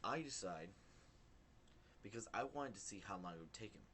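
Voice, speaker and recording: A young man vlogging, retelling a work story in a rambling, animated way with lots of fillers. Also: on the low side, moderate pace, slight background noise. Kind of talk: casual storytelling to camera.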